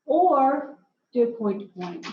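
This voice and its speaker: A woman's voice: high-pitched, big pitch swings, takes it slowly. A woman co-presenting at a workshop, enthusiastic and teasing. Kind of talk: conference presentation. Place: lecture hall. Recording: echoey hall, dull.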